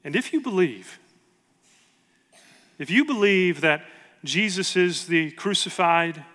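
A man's voice: on the high side, pushed and bright. Earnest male pastor in a big hall. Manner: earnest, building to emphatic repetition. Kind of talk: sermon. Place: large church hall. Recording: long reverb of a large hall.

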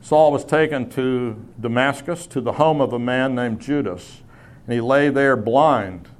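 A man's voice: mid-range voice, measured pace. A man preaching a sermon, teaching in a conversational way with asides and small self-corrections. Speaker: pastor.

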